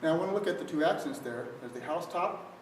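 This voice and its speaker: A man's voice: a little high, animated, fast, faint music behind. A man teaching trombone, explaining articulation step by step in a methodical way. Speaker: trombone instructor. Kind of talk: music lesson demonstration. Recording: very echoey room, mic at a distance. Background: trombone playing.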